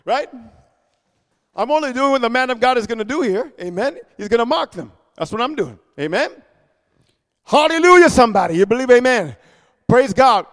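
A man preaching a sermon in a sing-song cadence, reading scripture and breaking into shouted, mocking asides with frequent "amen". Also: very high-pitched, lively intonation, normal speed, pauses often, big-room sound.

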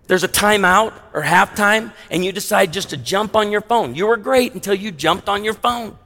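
A man preaches a sermon in a high, bright voice. He swings from hushed, slowed emphasis to loud, punchy lines like a pastor working a congregation. His voice rings out with the long reverb of a large hall. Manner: animated, shifts between hushed emphasis and loud punchy delivery.

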